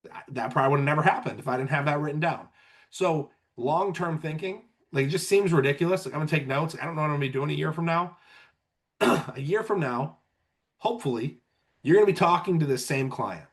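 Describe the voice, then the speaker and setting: A man's voice: a little high, brisk. A man who manages insurance agents, chatting casually on a podcast and telling sales stories, often acting out what clients said. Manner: storytelling, acts out clients' lines.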